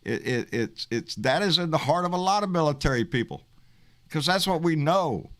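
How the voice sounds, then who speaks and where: Older Texan host, blunt, cussing, fired-up chat on a video call. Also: male voice, on the high side, moderate pace. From Texas. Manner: blunt, profane, animated, calls people baby. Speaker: livestream talk show host. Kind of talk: casual political chat.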